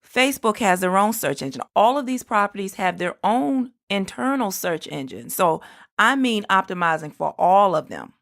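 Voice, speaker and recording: A woman hosting her own business podcast, explaining things step by step and spelling out web addresses slowly. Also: medium pitch, lively intonation, creaky, a bit bright. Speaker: podcast host. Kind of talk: solo business podcast talk.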